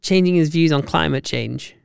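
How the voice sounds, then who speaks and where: Male podcast co-host, smooth resonant voice, chatty with restarts, dry close mic. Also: fairly high pitch, moderate pace, dry recording. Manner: chatty, stumbling restarts, laughs often. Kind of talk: casual chat.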